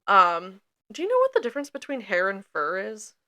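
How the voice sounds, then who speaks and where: Bright-toned woman, relaxed podcast chat. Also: medium pitch, fairly quick. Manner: relaxed, hesitant with frequent ums. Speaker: podcast co-host. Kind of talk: casual chat, reading notes.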